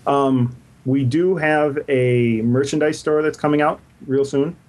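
A man's voice: medium pitch, measured pace. Guy guest on a podcast, average voice, laid back, stumbles on first words. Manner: relaxed, repeats words as he starts. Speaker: guest, comic creator. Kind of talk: interview answers.

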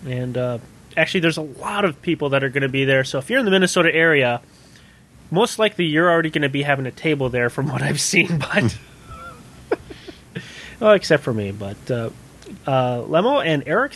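A man's voice: on the high side, lively intonation, fairly quick, a bit bright. A man hosting a casual podcast, rambling with frequent laughs and fillers. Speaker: podcast host. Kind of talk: casual chat.

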